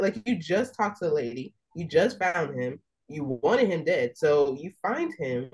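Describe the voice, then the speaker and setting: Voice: medium pitch, very animated, normal speed, hardly any pauses, slightly rough, low-quality recording. A podcast co-host chatting casually about a film, animatedly retelling the scenes. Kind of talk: casual movie review chat.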